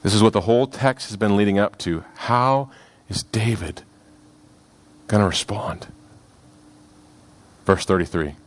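In a voice on the low side, a man preaches on a scripture passage with earnest expression. He rises for emphasis, then drops into hushed, slow phrases.

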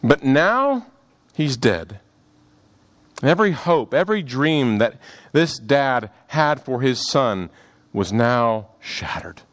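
A medium-pitched male preacher gives an earnest, expressive sermon on scripture. He builds up for emphasis, then eases down into hushed, slow phrases.

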